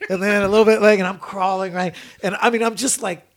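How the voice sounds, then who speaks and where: A man, a comedian and guest on a talk show, chiming in with quick, laughing asides to a shared story. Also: high-pitched, fairly even intonation. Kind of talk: casual chat.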